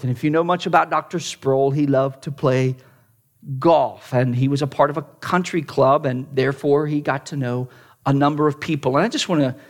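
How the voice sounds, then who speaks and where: A man preaching a sermon, telling a story with dramatic turns from loud emphasis to hushed near-whispers, often repeating the first word of a phrase. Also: fairly high pitch. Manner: repeats words at starts of phrases. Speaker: pastor.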